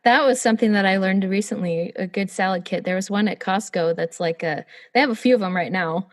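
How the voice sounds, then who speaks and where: A woman's voice: medium pitch, a little fast. Enthusiastic woman podcast host. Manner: enthusiastic, affirming, laughs often. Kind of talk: casual interview chat.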